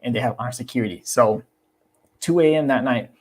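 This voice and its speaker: A young man chats casually on his livestream. His voice sits at an ordinary, mid-range pitch for a man. He repeats himself and acts out the people he quotes, which keeps his delivery animated. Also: fairly quick. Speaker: crypto YouTuber.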